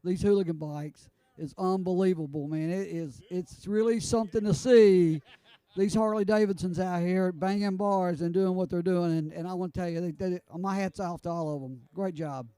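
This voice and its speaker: Folksy sponsor with mellow, high voice. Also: male voice, fairly even intonation, normal speed, smooth, no echo. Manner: folksy, enthusiastic. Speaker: event sponsor. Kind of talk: short podium speech.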